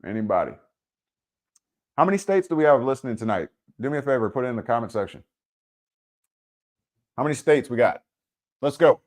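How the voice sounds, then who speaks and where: A man's voice: mid-range voice, expressive, fairly quick, long pauses, darkish tone. A man hosting a casual livestream, chatting laid-back and informally with viewers, answering their comments and using plenty of fillers. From Wisconsin. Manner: informal speech with frequent fillers. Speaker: livestream host.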